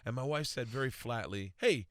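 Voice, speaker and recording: A man's voice: medium pitch, fast talker, fairly bright tone, clean tone, no room sound. A man, a comedian guest, telling rambling self-deprecating stories in a casual chat in a radio studio.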